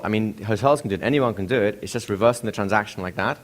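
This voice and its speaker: A man giving a lecture, telling a story with rhetorical questions to the audience in an animated way. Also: on the low side, quick pace. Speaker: seminar presenter.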